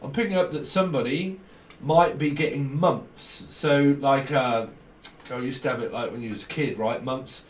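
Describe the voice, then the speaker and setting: A man's voice: mid-range voice, moderate pace, far from the mic. A man giving a casual tarot reading, rambling from one association to the next and chuckling often. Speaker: tarot reader. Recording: roomy sound, off-mic, faint background hiss.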